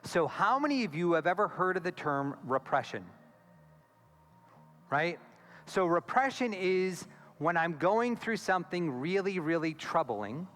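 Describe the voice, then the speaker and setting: A man giving a conference keynote as a therapist, animated and acting out quoted voices, on a stage mic in a large hall. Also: sits high. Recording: long hall reverb with faint music.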